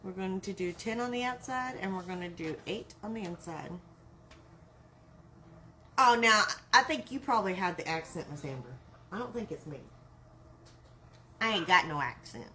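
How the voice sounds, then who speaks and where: A woman's voice: medium pitch, expressive, moderate pace, pauses often, pushed and bright, slight background noise. A woman with a Texan accent hosting a live craft tutorial, chatting and greeting viewers by name as she works. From Texas. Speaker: craft live-stream host.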